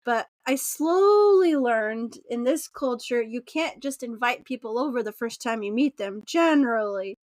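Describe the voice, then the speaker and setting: A woman's voice: on the high side, lively intonation, measured pace, hardly any pauses, no room sound, clean studio sound. A woman from Utah in her thirties, a podcast guest chatting casually and laughing often, sometimes acting out quoted voices. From Utah, USA. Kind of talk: casual interview conversation.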